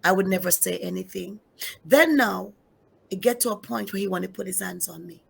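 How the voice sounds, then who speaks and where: Gravelly, husky woman pastor giving testimony. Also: mid-range voice, fairly quick. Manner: emphatic, repeats key phrases, speaks straight to the audience. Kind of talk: emotional personal testimony in an interview.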